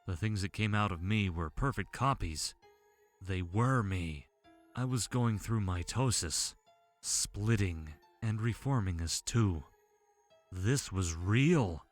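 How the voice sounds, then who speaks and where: Horror narrator, male, low register, tense and dramatic, soft music underneath. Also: lively intonation, slow.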